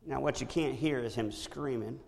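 Gravelly-voiced pastor preaching in a hall. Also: male voice, medium pitch, moderate pace, slight background noise. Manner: animated storytelling with impressions. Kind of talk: sermon.

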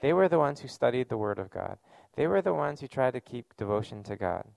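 A man's voice: medium pitch, big pitch swings, fairly quick, vocal fry, darkish tone, no echo. A man giving a sermon as a pastor, speaking in a conversational, earnest way with casual fillers.

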